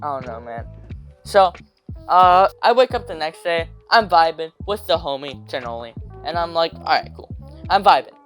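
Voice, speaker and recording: A young man telling a rambling, slangy storytime rant, hopping into quick voices for quotes. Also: on the high side, animated, fairly bright tone, soft background music.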